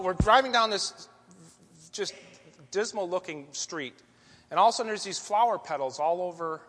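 A man telling a story from the pulpit in an animated, conversational way, as a church speaker giving a sermon. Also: sits high. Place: church sanctuary. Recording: long echoey church hall reverb.

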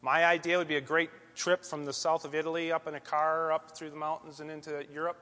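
A man telling a story from the pulpit in an animated, conversational way, as a church speaker giving a sermon. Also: fairly high pitch, fairly quick. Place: church sanctuary. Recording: long echoey church hall reverb.

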